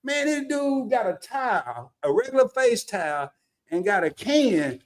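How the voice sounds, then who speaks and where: A man hosting a comedic casual chat, telling animated stories and laughing often. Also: high-pitched, a little slow, background noise. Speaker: host.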